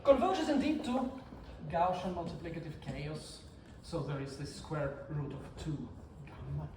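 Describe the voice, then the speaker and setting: A man's voice: fairly high pitch, a little slow, a little mellow. A man giving a mathematics lecture at a conference, repeating key phrases for emphasis. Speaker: conference speaker. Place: lecture hall. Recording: echoey hall, mic far off, faint hum.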